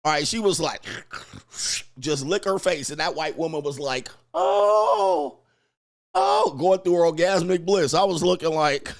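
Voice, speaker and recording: A man's voice: a little high, normal speed. A man coaching and commenting on clips in a crude, mocking way, laughing often. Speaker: dating coach.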